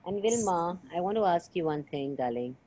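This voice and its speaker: A middle-aged woman coaching a participant, asking probing questions and gently teasing. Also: fairly low pitch, expressive, normal speed, a little hiss or hum, low-quality recording. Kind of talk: coaching conversation.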